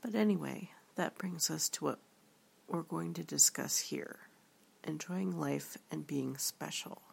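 A woman reading a story aloud in a soft, often whispered way. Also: sits low, measured pace, vocal fry, breathy edge. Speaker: reader.

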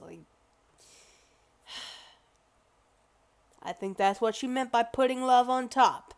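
A woman vlogger giving casual, rambling music commentary, excitable and full of exclamations and restarts. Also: sits high, very slow, long pauses, smooth.

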